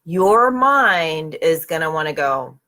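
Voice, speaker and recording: A woman's voice: sits low, sing-song, takes it slowly, bright, forceful tone. A woman from Southern California hosting a casual book club reading and guided meditation. She speaks in a conversational, upbeat way and keeps checking in with her listeners. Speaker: host.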